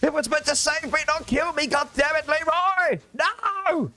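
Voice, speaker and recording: A shrill wailing gamer, panicked, high squeal, far off the mic. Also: male voice, measured pace, bright, forceful tone, full character voice. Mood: anguished. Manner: shrieking, high-pitched wail. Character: panicked hardcore player dying to his own potion.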